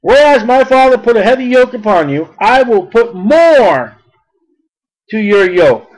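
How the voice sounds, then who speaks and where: A man preaching a sermon, blunt and folksy, mocking at times and rising to shouts. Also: extremely high pitch, big pitch swings, unhurried, poor audio.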